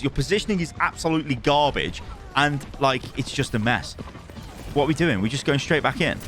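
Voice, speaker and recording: A man's voice: medium pitch, a bit bright. Exasperated man coaching over replays. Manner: exasperated, fires repeated rhetorical questions. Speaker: coach reviewing gameplay replays. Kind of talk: gameplay coaching commentary.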